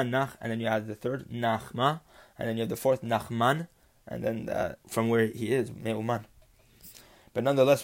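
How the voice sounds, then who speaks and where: Male Torah teacher at an ordinary pitch, explaining Hebrew terms in a rhythmic, repetitive teaching style. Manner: explains Hebrew terms then translates them; rhythmic, repeats phrases with rising emphasis. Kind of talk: religious text lesson.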